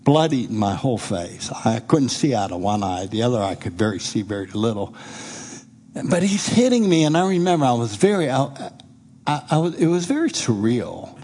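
A middle-aged man with a husky voice tells his testimony from the pulpit like a storyteller. His pitch swings up and down as he acts out the people in his story. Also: normal speed. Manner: animated storyteller who acts out quoted speech. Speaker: preacher giving a testimony.

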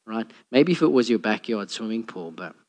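A man, a pastor, preaching a sermon and telling a Bible story with lively acted-out quotes. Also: normal speed. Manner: storytelling, acts out quotes with a lowered voice.

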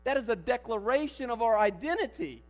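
A man preaching a sermon in a church, animated, firing rhetorical questions and building to emphatic declarations. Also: extremely high pitch, a little fast. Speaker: pastor. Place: church sanctuary. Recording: long hall reverb with mains hum.

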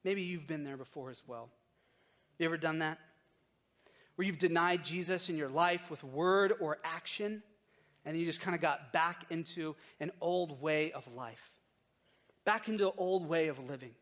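A man with a fairly high voice gives a sermon in a relaxed, conversational way. He tells the story and acts out the lines of the people in it. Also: normal speed. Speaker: pastor.

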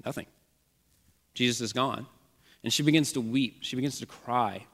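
A man's voice: medium pitch, moderate pace, fairly bright tone, big-room sound. A man preaching a sermon as the church's pastor, speaking with an earnest, repetitive preaching cadence.

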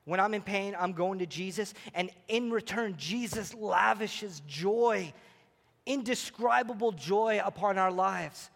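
A male pastor preaching with a high, bright, forceful voice that rings out through a large, reverberant hall. He swings between fervent, near-shouted lines and quiet, hushed moments of reflection. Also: measured pace, vocal fry. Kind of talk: sermon.

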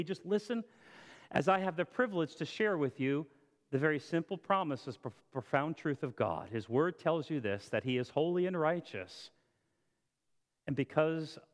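A man preaching a sermon as pastor, rising to impassioned appeals and dropping to a hushed prayer, recorded in a church auditorium. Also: fairly high pitch. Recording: long hall reverb.

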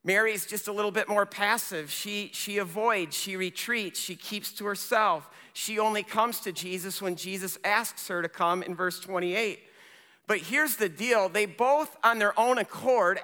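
A male pastor preaching a sermon with passion, swinging between loud emphasis and hushed, quiet moments. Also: high-pitched, measured pace. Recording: long church reverb.

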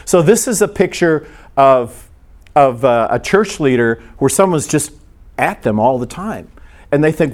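A man's voice: a little high, expressive, unhurried, a little mellow. Man preaching in a chatty, storytelling way. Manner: conversational storytelling, frequent restarts. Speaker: pastor. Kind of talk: sermon.

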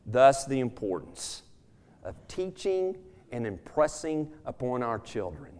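Slow, deliberate male preacher. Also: medium pitch, sing-song, a little mellow. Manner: slow, deliberate teaching delivery. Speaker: speaker in a church service. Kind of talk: sermon.

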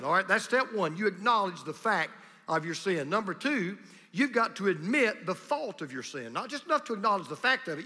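Male pastor, sermon, emphatic, repetitive, high bright voice, long hall reverb. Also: lively intonation, moderate pace. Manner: emphatic, repetitive, storytelling preaching.

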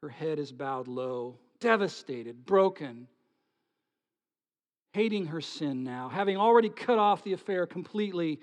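A high-voiced male pastor preaches to his congregation at an expressive, measured pace. He swings dramatically between hushed, nearly whispered lines and loud, pleading passages, and he keeps asking his listeners rhetorical questions.

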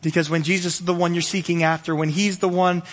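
A man preaching a sermon with energy, rising loud and high when animated. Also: fast, long reverb tail. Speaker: pastor.

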